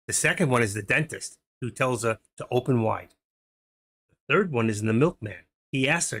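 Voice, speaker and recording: A man's voice: mid-range voice, lively intonation, normal speed, a bit bright. Rambling middle-aged man telling jokes. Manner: rambling, chatty, laughs at his own jokes. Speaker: live-stream host. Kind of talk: casual live-stream chat and joke telling.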